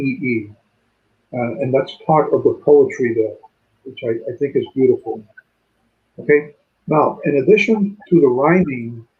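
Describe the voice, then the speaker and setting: A man teaching a Bible study, explaining grammar methodically and slowing down to sound out words. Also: mid-range voice. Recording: tinny phone-line sound.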